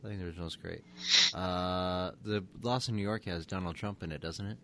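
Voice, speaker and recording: Laid-back low-voiced male co-host. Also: background noise. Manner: laid-back, halting with fillers. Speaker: podcast co-host. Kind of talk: casual film chat.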